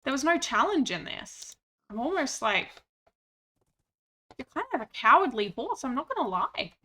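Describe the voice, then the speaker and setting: A woman's voice: sits high, sing-song, normal speed, pushed and bright. A woman streaming a game, chatting playfully and reading out chat. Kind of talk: casual gaming stream chat.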